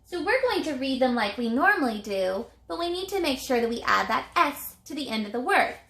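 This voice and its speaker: A woman teacher giving a reading lesson to young children, speaking clearly and sounding out words in a sing-song way. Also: sits high, big pitch swings, brisk, fairly bright tone, echoey room.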